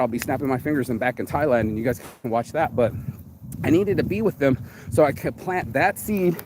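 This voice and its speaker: A man with a somewhat high voice rambles through a casual motivational livestream chat. He talks in a loose, streetwise way, swearing freely and dropping "bro" often. A faint hum of room ambience sits behind him. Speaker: vlogger.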